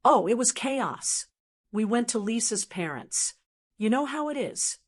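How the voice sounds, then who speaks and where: A man's voice: extremely high pitch, animated, a little slow, heavily acted. A woman voicing a panicky, self-centred grown son who sputters and stammers. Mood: cheerful.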